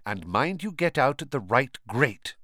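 A man's voice: medium pitch, sing-song, a little slow, sharp tone, no echo, clean studio sound, pitched above the performer's own voice, heavily acted. A man voicing a fussy, anxious middle-aged witch who dotes on the children. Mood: fussing. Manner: anxious, doting, fussing.

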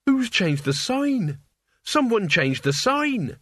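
Guy putting on a scared trembly boy, high and shrill, dry sound. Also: sing-song, slow, a bit bright, no room sound, exaggerated voice. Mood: panicked. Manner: trembling, urgent, rising to shrill. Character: panicked young man, a frightened boy.

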